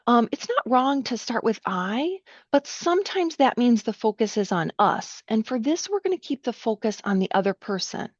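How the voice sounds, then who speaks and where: A woman's voice: on the high side, no room sound. Patient woman teaching a listening workshop. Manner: patient, explains step by step, often checks in with "right?". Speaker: counselor leading a training session. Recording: dull lo-fi sound, dry.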